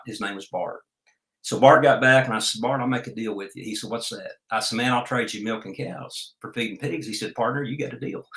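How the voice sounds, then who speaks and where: A man, a podcast guest telling folksy farm stories at an unhurried pace. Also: lowish voice, pushed and bright, reverberant, rough recording. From Oklahoma. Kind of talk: storytelling in a podcast interview.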